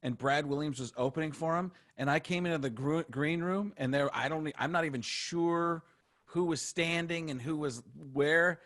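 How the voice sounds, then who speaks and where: A man's voice: a little high, normal speed, fairly bright tone. A man, a comedian, chatting and joking casually on a podcast, laughing often. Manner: laughs often, jumps in with jokey asides.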